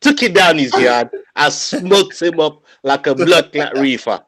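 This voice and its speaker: A man, a guest in a casual fan chat, animated and full of street slang and swearing. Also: a little high, a little slow. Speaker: guest YouTuber.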